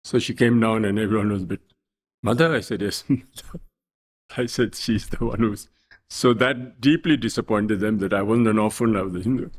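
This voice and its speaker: An older man from India recounts his past in a relaxed, wry voice, his phrases often fading off softly at the ends. His voice is husky and sits somewhat low. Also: normal speed. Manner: anecdotal, wry, trailing off softly. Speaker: interview guest. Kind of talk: storytelling in conversation.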